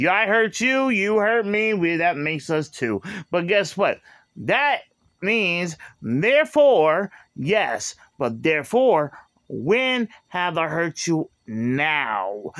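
A man with a high voice vents his grievances at an unhurried pace. He circles back over the same points and sounds confrontational. The sound is close and dry, with no room around it. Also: fairly bright tone, no room sound. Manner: aggrieved, repetitive, confrontational. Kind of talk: angry rant to camera. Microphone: phone.

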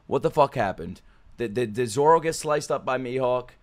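A man hosting a reaction video, excitable, laughing often and swearing freely as he comments. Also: mid-range voice, moderate pace. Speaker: reaction channel host.

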